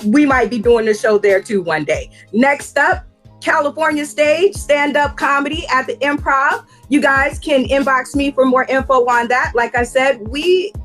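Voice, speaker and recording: A woman's voice: high voice, a little slow, a bit bright, faint music behind. A woman hosting a comedy show, chatty and informal as she runs through announcements. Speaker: host.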